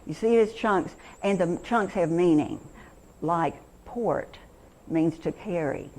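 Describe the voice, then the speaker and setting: A woman teaching reading, chatty and enthusiastic, slowing down to sound out words. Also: fairly low pitch, darkish tone, low-quality recording. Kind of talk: teaching demonstration.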